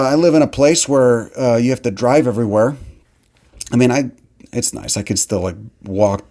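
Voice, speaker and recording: A man's voice: on the low side, dark tone. A man hosting a solo podcast, ranting in a heated, profane, worked-up way while talking about a plant he is looking at. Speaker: podcast host. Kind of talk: casual solo podcast rant.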